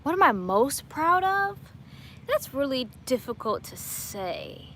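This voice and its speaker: A woman in her late twenties hosting a casual livestream from home, answering viewer questions in an earnest, reflective way with frequent soft laughs. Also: high-pitched, sing-song, slow, a little hiss or hum. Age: late 20s.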